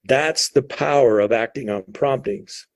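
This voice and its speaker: A man's voice: mid-range voice, measured pace. Earnest man telling a story.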